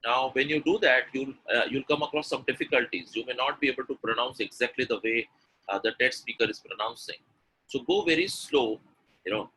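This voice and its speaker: A man's voice: medium pitch, fairly quick, bright, forceful tone, slightly rough, poor audio. A man teaching pronunciation in an online webinar, explaining patiently and acting out example sentences. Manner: explanatory, repeats example sentences with exaggerated intonation. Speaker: English pronunciation coach.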